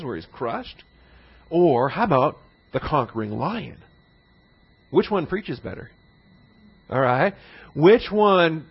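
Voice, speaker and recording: A man leads a Bible class, lecturing in a relaxed, slightly high-pitched voice with a breathy edge. He talks conversationally and keeps checking in with listeners, asking "all right?" and "see?" along the way. The audio is dull and lo-fi, like an old classroom tape.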